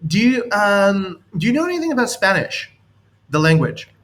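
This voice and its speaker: A man's voice: sits high, big pitch swings, normal speed, a bit bright. A man leading a team session, coaching on leadership in a rambling, anecdotal way and chuckling as he explains.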